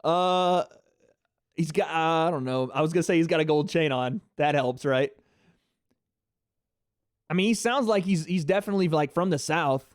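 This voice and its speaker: Excitable man hosting a livestream reaction. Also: on the high side, moderate pace, long pauses, dry recording, clean studio sound. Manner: excitable, chatty, talks to chat viewers. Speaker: livestream host. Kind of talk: live fight reaction commentary.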